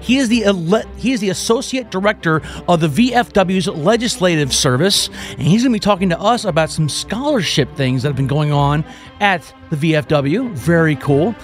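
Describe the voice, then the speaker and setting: A man from Houston, Texas, hosting a radio show in a casual, energetic, joking style. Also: high voice, normal speed, faint music behind. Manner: energetic, joking, self-deprecating.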